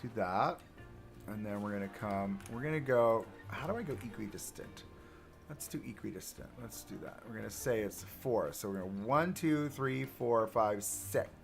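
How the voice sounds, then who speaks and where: A man's voice: lowish voice, animated, moderate pace, vocal fry, faint music behind. A young man chatting to himself and his viewers as he builds in a live game stream. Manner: chatty, self-talking while building. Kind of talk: live gameplay commentary.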